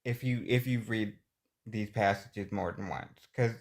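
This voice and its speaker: Halting young man in casual talk. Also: on the low side, fairly even intonation. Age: young adult. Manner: halting, fillers like "like", self-conscious laughs. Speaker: student guest. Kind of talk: casual chat.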